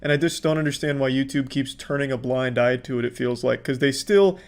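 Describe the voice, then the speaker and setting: A man giving casual online commentary in a deadpan, flat way, blunt and crude. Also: mid-range voice, fairly quick. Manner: deadpan, flat-affect delivery.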